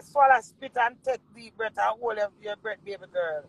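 A woman's voice: a little high, moderate pace, hardly any pauses, rough recording. A woman with a Jamaican accent delivering a heated, profane monologue full of repeated curses. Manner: heated, profane, repetitive cursing. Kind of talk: angry ranting monologue.

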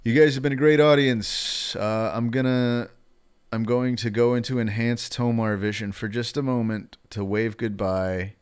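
A man's voice: medium pitch, steady tone, normal speed, clear, resonant tone. A male streamer wrapping up a live stream in casual, self-mocking chat, his throat a little strained. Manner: reads viewer messages aloud in exaggerated put-on voices.

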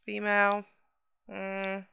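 A woman's voice: medium pitch, monotone, slow pace, vocal fry, sharp tone, clean tone, dry recording. A woman hosting a casual let's play, chatting to viewers and exclaiming at what happens in the game. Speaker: gaming channel host.

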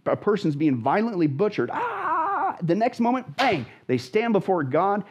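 A man's voice: sits high, very animated, normal speed, a little mellow, slight background noise. A man, a pastor, teaching emphatically and dramatically about scripture as a guest in a conversation, repeating phrases for stress. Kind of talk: animated Bible teaching in conversation.

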